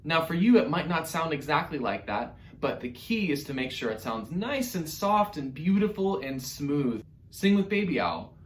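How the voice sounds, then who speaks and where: Teaching young kids music online, this man keeps an upbeat, encouraging, sing-song delivery at a moderate pace. He occasionally shows off hoots and squeaky voices, and the recording has a roomy quality.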